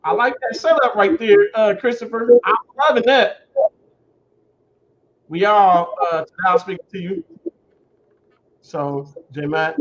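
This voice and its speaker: Laid-back high-voiced man hosting a livestream. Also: slow pace, long pauses. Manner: loose, laughing, greets viewers by name. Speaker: livestream host. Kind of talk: casual livestream chat. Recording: dull lo-fi stream audio.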